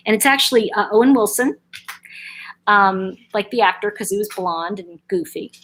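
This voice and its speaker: A middle-aged woman with a medium-pitched, fairly bright voice hosts a casual live-stream chat at a moderate pace, reading out viewer comments. She's chatty, says "um" often, and frequently corrects herself. The audio is poor, with a little hiss or hum.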